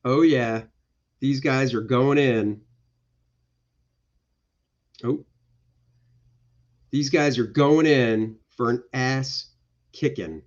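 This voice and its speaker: A man's voice: medium pitch, very slow, pauses often, muffled recording. A male comic book artist giving casual, jokey commentary on his pages during a livestream. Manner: playful, jokey, slips into goofy voices.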